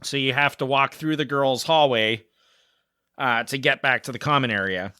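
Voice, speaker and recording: A man co-hosting a podcast, telling a casual story in an animated way and acting out other people's lines. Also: mid-range voice, normal speed, clean tone, no echo, studio quality. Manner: animated storyteller, acts out shouted quotes. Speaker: podcast co-host.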